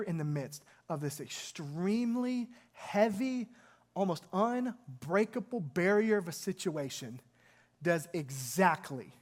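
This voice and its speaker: A male pastor preaching a sermon, retelling a scripture story in an earnest, emphatic way. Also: high-pitched.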